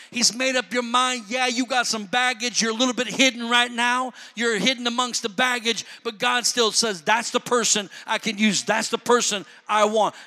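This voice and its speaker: A man preaching a sermon, swinging from soft, low asides to loud, fervent shouting. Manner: shouting, building to fervent peaks.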